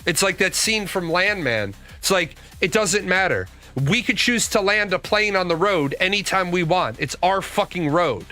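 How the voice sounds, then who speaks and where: A man's voice: sits high, expressive, normal speed, few pauses, sharp tone, faint music behind. A middle-aged man giving blunt, profane opinions in casual commentary, answering his viewers' comments as a show host. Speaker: podcast host.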